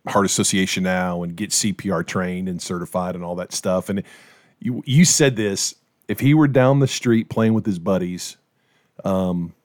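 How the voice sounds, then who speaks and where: A middle-aged man, a pastor, casually telling a story to his co-hosts with lively acted-out quotes. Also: deep voice, moderate pace, dry recording, studio quality. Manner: animated storyteller, acts out quoted voices.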